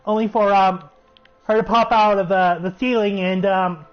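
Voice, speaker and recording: A man giving a chatty, excitable recap of a show episode. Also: sits high, moderate pace. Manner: chatty, excitable, laughs while retelling. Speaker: show reviewer. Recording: muffled recording with faint music.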